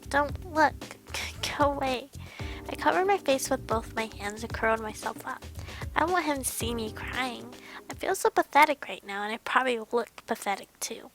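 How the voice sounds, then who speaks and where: A woman reading first-person visual novel narration aloud in a soft, near-whispered way. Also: on the high side, animated, fairly quick, faint music behind. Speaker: let's play streamer.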